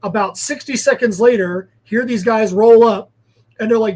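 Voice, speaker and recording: A man's voice: high voice, moderate pace, a little mellow, rough recording. A man, a guest comic creator, telling rambling anecdotes in casual chat. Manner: rambling storyteller, filler-heavy.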